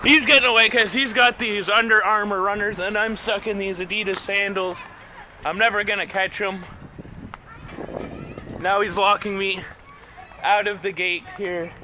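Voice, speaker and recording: A man vlogging with his family, talking excitedly to a handheld camera. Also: high voice, moderate pace, long pauses. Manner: excitable, exclaiming, narrating to the camera. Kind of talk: casual family vlog. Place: outdoors in a built-up area. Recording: outdoor ambient noise.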